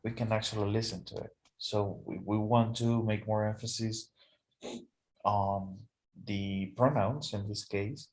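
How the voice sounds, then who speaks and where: A man tutoring English in a one-to-one lesson, explaining slowly and often checking in with "okay". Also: fairly low pitch, steady tone, darkish tone, slight background noise, poor audio.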